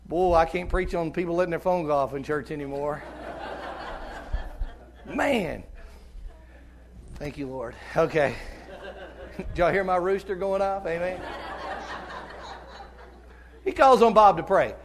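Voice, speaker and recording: A middle-aged man with a fairly high, squeaky tenor voice preaches a sermon. He is impassioned, pushing his voice loud and urgent and then dropping to near-hushed tones. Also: unhurried, long pauses, background noise. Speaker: visiting preacher.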